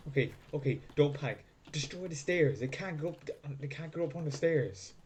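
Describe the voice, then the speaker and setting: A frantic gamer shouts curses and talks himself down while he plays. His pitch jumps all over the place, from yelps to low mutters. Loud noise and clicking sit under his voice the whole time. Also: animated, moderate pace, few pauses. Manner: frantic, swearing, yelling in panic then muttering to himself. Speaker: gaming video creator. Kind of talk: panicked gameplay commentary.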